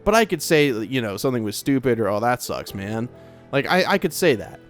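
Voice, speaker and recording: Young dude streaming a game, telling a rambly story, says like and bro a lot, average voice, bit of quiet music under it. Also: male voice, mid-range voice, very animated, fast. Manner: rambling, laid-back, full of "like" and "bro". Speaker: gaming streamer. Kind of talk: casual storytelling while playing a game.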